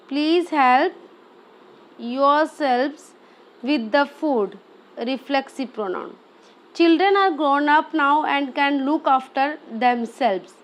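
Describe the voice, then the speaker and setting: Woman, teacher, high voice, unhurried delivery, frequent "okay?" checks. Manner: explains step by step, often checks "okay?". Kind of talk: grammar lesson.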